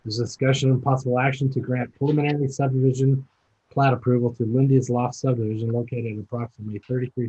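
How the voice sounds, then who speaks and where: A man's voice: medium pitch, darkish tone, husky, dull audio. A man chairing a city council meeting as mayor, calling votes and reading agenda items in a procedural way. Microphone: video call.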